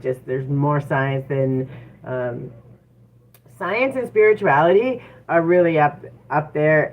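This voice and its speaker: Low-voiced woman on tinny audio. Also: creaky. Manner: chatty and encouraging, with frequent fillers. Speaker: tarot reader. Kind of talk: casual livestream reading. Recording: tinny phone-like audio with faint noise.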